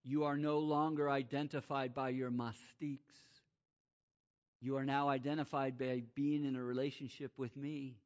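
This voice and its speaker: A man preaching a sermon, swinging from loud, rising exclamations to quiet, hushed emphasis. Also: mid-range voice, little pitch movement, moderate pace. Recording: muffled lo-fi sound.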